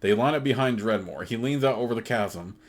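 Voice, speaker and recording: A man's voice: mid-range voice, brisk. A man hosting a let's play, reading the game's text aloud steadily with casual asides.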